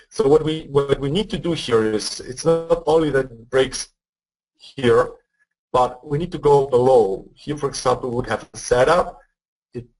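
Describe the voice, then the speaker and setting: Husky-voiced man teaching a webinar. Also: mid-range voice, rough recording. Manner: explanatory, asks for feedback, repeats words. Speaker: trading webinar presenter.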